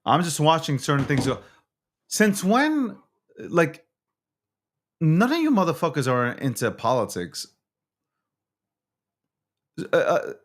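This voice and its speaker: A man's voice: a little high, sing-song, measured pace, long pauses. Profane, agitated man ranting. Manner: profane, agitated, repeats himself. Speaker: show host. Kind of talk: unscripted news recap and rant.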